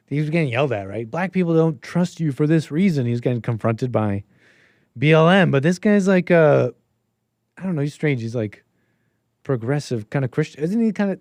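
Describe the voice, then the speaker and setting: A man's voice: medium pitch, darkish tone, no room sound. Man, stream host, rambling political chat, laughs a lot, dry close sound. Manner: rambling, laughs often, thinks aloud. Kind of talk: casual political commentary stream.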